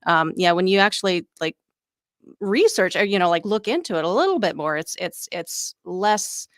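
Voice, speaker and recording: A woman's voice: lowish voice, expressive, normal speed, no echo, clean studio sound. A woman co-hosting a podcast in casual chat, thoughtful and agreeable. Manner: thoughtful, agreeable, often laughing along. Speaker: podcast co-host.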